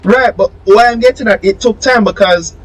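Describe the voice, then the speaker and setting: A man's voice: high voice, normal speed, low-quality recording. A man in a casual podcast discussion, arguing his point with rhetorical questions. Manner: argumentative, building a case with rhetorical questions. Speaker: podcast host.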